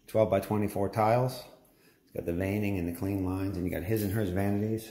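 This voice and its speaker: A man's voice: fairly low pitch, fairly even intonation, a little fast, mellow. A middle-aged man, a home builder, giving a folksy, enthusiastic walkthrough tour of a house and pointing things out as he goes. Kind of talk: casual walkthrough narration.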